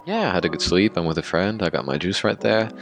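A man's voice: low-pitched, expressive, fast talker, music in the background. An actor playing a playful male interviewer who needles his guest in an audio drama. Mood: teasing. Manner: teasing, playful.

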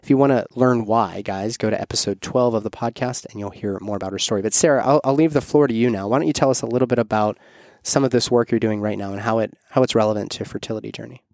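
A man's voice: lowish voice, quick pace, vocal fry, darkish tone, dry recording. Playful man hosting, dry sound. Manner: playful, teasing, laughs easily. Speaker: podcast host. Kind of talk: casual interview conversation.

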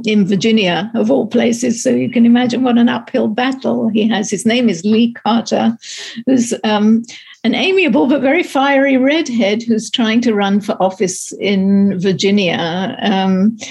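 A woman's voice: on the high side, measured pace, creaky, a little mellow, slightly rough. A woman reviewing a film on a radio show in a wry, amused, chatty way. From abroad, two countries outside America. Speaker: film critic. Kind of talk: casual radio chat.

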